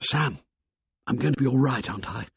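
A man's voice: mid-range voice, brisk, creaky, fairly bright tone, husky, dry recording, clean studio sound, voice pushed up, heavily acted. A man voicing a lonely hunted boy who talks in a thick, breathless, whispering way, in a storybook reading. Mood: desperate.

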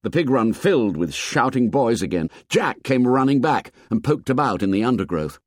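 A man narrating a novel aloud in a measured, expressive storytelling manner. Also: mid-range voice, dry recording, clean studio sound. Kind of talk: audiobook narration.

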